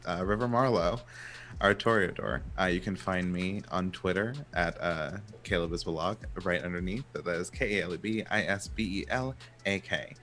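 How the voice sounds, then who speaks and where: Deep, bright-toned man. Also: moderate pace. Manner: chatty, spells out handles. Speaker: player. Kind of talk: casual self-introduction.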